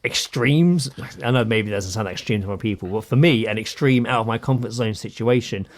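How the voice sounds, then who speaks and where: A man's voice: medium pitch, brisk. A man co-hosting a podcast, telling a story in casual chat and acting out what people said, with a lot of swearing. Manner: animated, acts out quotes with swearing. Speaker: podcast co-host.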